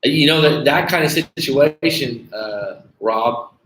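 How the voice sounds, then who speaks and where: A man with a mid-range, slightly bright voice takes his time hosting a dating coaching livestream. He reads viewer comments and chats casually and bluntly, swearing freely and calling people dude, in an echoey room with faint background noise.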